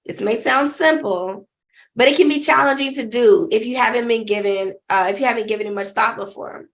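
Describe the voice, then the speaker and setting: A woman's voice: a little high, a little fast, a bit bright. A woman life coach giving an earnest motivational talk, telling her own story and asking the listener direct questions. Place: seated.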